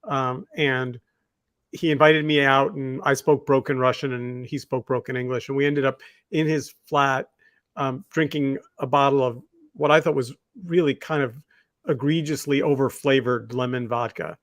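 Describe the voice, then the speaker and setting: A man's voice: mid-range voice, fairly even intonation, normal speed, a bit bright, no room sound. A man co-hosting a podcast, telling reflective, rambling stories with many fillers. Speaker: podcast co-host. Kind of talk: casual discussion.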